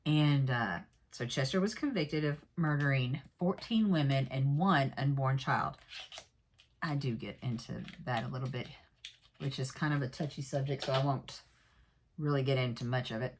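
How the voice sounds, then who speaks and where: A woman with a low voice talks her viewers through a true crime episode in an easygoing way. She wanders off on asides and fillers and adds frank opinions as she goes. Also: normal speed, a little hiss or hum. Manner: rambling, many fillers and asides; candid, personal commentary. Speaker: true crime recap vlogger. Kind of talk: casual episode recap.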